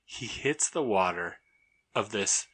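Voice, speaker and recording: A man's voice: lowish voice, animated, slow pace, a bit bright, breathy edge. A man hosting a podcast, telling a story and often breaking into laughter. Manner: narrates with frequent laughs. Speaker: podcast host.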